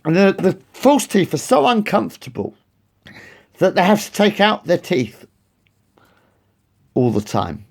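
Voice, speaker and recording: Man, ranting to camera, profane and rambling, higher voice with wide swings. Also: big pitch swings, a little slow, gravelly, pauses often. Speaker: vlogger.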